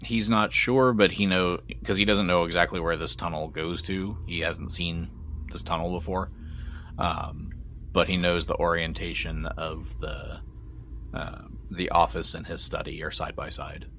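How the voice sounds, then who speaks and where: Deep-voiced man running a tabletop game. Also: a little slow, slight background noise. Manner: calm descriptive narration. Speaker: game master.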